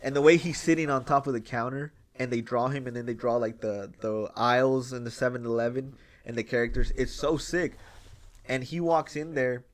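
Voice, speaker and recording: Man, podcast host, casual chat, excited storyteller, swears a lot, mid-pitched voice. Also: moderate pace. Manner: excited storytelling, swears freely, acts out quotes.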